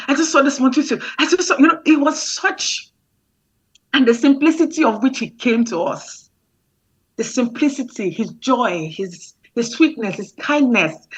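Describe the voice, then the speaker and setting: A woman's voice: a little high, fairly bright tone. A woman giving an impassioned motivational talk over a remote link, often repeating words. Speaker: speaker.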